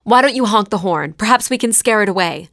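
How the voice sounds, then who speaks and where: A woman's voice: expressive, brisk, creaky, a bit bright, no echo, clean studio sound. A woman voicing an impatient German tourist. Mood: anxious. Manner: exasperated, insistent, rising shrill cries.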